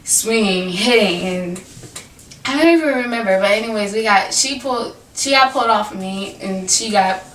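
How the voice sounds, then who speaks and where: A young woman tells a personal story to her camera, chatty and animated, leaning on fillers. Her voice sits a little away from the camera mic in a roomy, echoing space with faint noise behind. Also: medium pitch, normal speed, recorded from a distance. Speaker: vlogger. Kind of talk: casual storytime vlog. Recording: echoey room, voice a bit off-mic.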